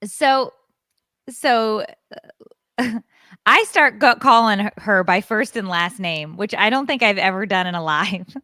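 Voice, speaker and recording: A woman co-hosting a podcast, telling a story in a frank, animated, self-deprecating way. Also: medium pitch, a little slow, no echo, studio quality. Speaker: podcast co-host. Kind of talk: casual chat.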